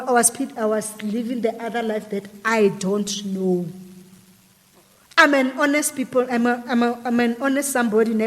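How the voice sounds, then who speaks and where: Brief: woman, emotional storyteller, slightly high voice, long room reverb. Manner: emotional, repetitive retelling full of quoted dialogue. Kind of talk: personal storytime monologue.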